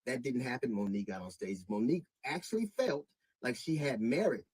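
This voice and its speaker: Middle-aged man, husky voice, dry close sound; measured with halting restarts, rising to indignation. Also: mid-range voice, lively intonation, darkish tone, dry recording, poor audio. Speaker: comedian. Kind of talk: public statement.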